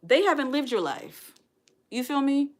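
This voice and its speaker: A woman's voice: high-pitched, expressive, a little slow. A woman chatting casually with her livestream viewers, rambling and encouraging as she signs off.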